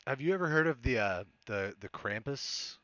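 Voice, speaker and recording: A man's voice: mid-range voice, animated, moderate pace, bright, forceful tone, no room sound, dull audio. A young man casually commenting on a game he is playing live, joking around and swearing freely. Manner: laid-back, joking, swears, frequent laughs. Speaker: streamer.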